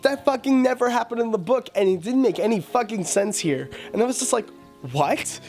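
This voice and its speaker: A man's voice: very high voice, expressive, quick pace, a little mellow, faint music behind. A man hosting a podcast in a casual film review rant, profane, exasperated and mocking. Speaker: podcast host.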